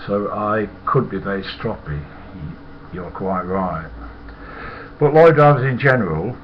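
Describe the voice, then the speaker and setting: A man's voice: on the low side, animated, measured pace, highs cut off, noisy background. A man, a former lorry driver telling stories in a rambling, blunt and profane way. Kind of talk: casual storytelling monologue.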